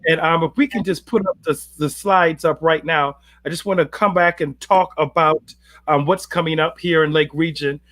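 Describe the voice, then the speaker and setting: A middle-aged man moderating a church panel, announcing upcoming forums briskly and repeating key phrases for emphasis. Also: on the high side, steady tone, fairly bright tone. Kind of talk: announcing upcoming events to an online audience.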